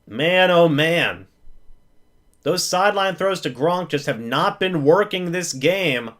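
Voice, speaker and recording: A man reacting live to a football game, calling each snap like a fan-announcer. His voice sits high and leaps up and down across a wide range. He takes his time and drawls through the lulls. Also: slow pace. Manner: excitable, pleading with the referees.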